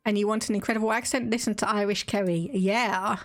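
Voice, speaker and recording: Brisk and fairly even in intonation, this mid-range female voice carries an Estuary English accent from England. She laughs and chats casually while livestreaming a strategy game, reading its text out loud.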